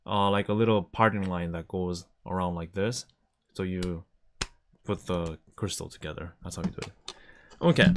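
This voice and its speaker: A man's voice: lowish voice, fairly bright tone, a little hiss or hum. A man chatting casually on a live stream, enthusiastically showing items to the camera.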